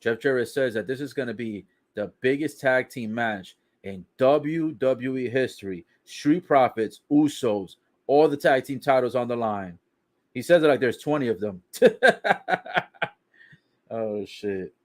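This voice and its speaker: A man's voice: medium pitch, moderate pace, darkish tone. A man casually recapping a wrestling broadcast, swearing, joking in slang and laughing often. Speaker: wrestling show reaction commentator.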